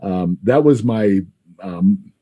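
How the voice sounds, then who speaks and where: A middle-aged man in a casual podcast interview, talking haltingly with many fillers and frequent laughs. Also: sits low, breathy edge, muffled recording. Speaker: guest recalling his wrestling career.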